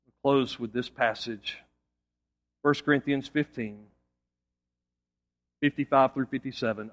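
A pastor preaching a sermon and telling an illustration story in an earnest manner, often dropping low and quiet for emphasis. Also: male voice, fairly even intonation, unhurried, pauses often.

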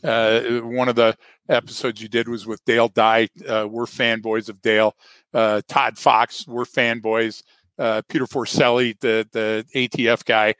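A man's voice: medium pitch, flat delivery, unhurried, a bit bright, clean tone, no echo. A man talking as a guest on a podcast, casual and rambling, full of fillers and self-deprecating jokes. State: hearing loss.

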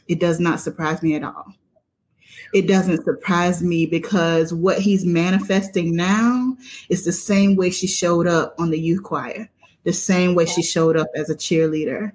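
A woman's voice: fairly low pitch, steady tone, a little slow, darkish tone. Emotional, preacherly woman podcast host. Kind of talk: enthusiastic podcast introduction.

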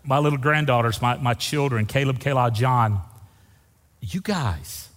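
A man's voice: mid-range voice, normal speed, pauses often, fairly bright tone. An older man, a pastor preaching a folksy sermon and asking the congregation questions. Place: church sanctuary. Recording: long hall reverb.

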